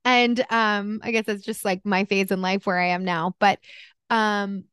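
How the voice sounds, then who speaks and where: A woman's voice: medium pitch, level tone, unhurried, fairly bright tone, no echo, clean studio sound. A woman co-hosting a podcast, reading a sponsor message and then chatting casually with many "like"s. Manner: reads sponsor copy smoothly, then chats with many "like"s. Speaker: podcast co-host. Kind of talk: casual podcast chat and ad read.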